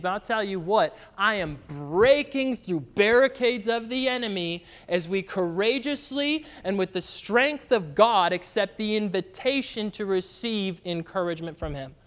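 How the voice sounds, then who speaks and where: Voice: medium pitch, fairly bright tone, smooth. A pastor preaching a sermon in a casual, conversational way, often throwing questions out to the congregation. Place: church sanctuary. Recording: long reverb of a large church hall.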